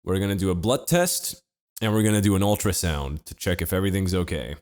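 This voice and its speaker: A young man co-hosting a podcast, telling a story in a deadpan, laid-back way with wry asides. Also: low voice, brisk. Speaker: podcast co-host. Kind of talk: casual comedic storytelling.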